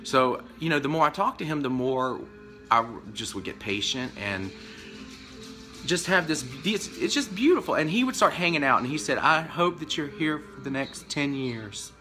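A man telling a story to his camera in a casual rant, rambling and acting out both sides of a conversation, his pitch jumping up when he gets upset. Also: expressive, normal speed, over music. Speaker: vlogger telling of being fired.

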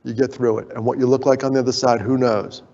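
Middle-aged male keynote speaker, jokey and earnest by turns, slightly husky, echoing through a large hall with dull sound. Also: medium pitch, flat delivery, quick pace, warm tone. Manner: jokey, draws in the audience, then turns earnest. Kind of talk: motivational conference talk. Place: conference hall.

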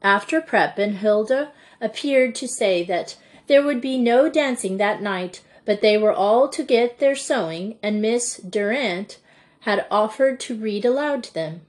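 Slow, measured woman narrating a story. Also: mid-range voice, expressive. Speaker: audiobook narrator. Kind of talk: scripted narration of a children's novel.

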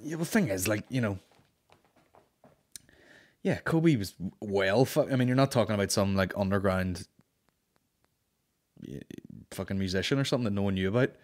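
A man's voice: on the low side, moderate pace, pauses often, darkish tone. A man hosting a comedy podcast, chatting casually in a profane, rambling, mocking way.

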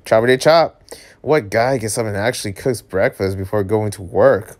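Brief: man reading a romance comic aloud, casual, jokey, animated reactions. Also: moderate pace. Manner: animated, jokey, yelps high on surprise. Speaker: channel host reading a webcomic aloud.

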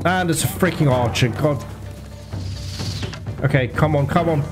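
A man commentating his own gameplay, excitable and prone to swearing and laughing. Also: a little high, a little slow, long pauses, music in the background. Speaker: gameplay streamer.

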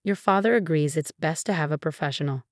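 Sugary, condescending stepmother read by a woman; low-pitched and dry. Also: fairly quick, dry recording, lightly acted. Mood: fake sweet. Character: fake-sweet scheming stepmother, adult woman.

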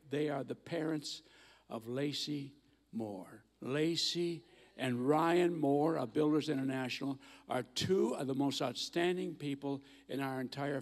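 Gravelly older man preaching in a hall. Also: mid-range voice, darkish tone. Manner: folksy, humorous storytelling preacher. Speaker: guest preacher. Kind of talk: sermon. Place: large church sanctuary. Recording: long church hall reverb.

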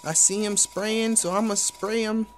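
A young man commentating his own video game match for viewers, playful and hyped, with sudden loud exclamations. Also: sits high, fairly even intonation, unhurried, a little hiss or hum. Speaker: gaming YouTuber. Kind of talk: live gameplay commentary.

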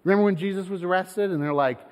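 A pastor preaching a sermon in a lively, conversational way, posing rhetorical questions to his congregation. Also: sits high, fast, big-room sound. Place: church sanctuary.

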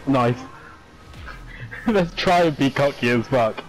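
A man's voice: medium pitch, lively intonation, slow, soft background music, poor audio. A young man chatting while gaming, cheeky and teasing. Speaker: gamer. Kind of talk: casual gaming chat.

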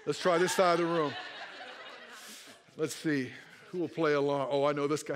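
A man's voice: fairly high pitch, fairly even intonation, moderate pace, long pauses. A pastor preaching a sermon to his congregation in church, joking and laughing as he goes and acting out quoted speech in other voices. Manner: joking and playful, often laughing.

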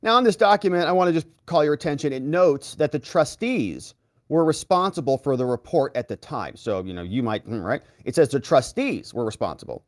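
A man's voice: on the high side, fairly quick, dry recording, studio quality. A man hosting legal commentary, retelling court testimony in a casual, sarcastic way and acting out the quotes. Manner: animated, sarcastic, acts out quotes in voices.

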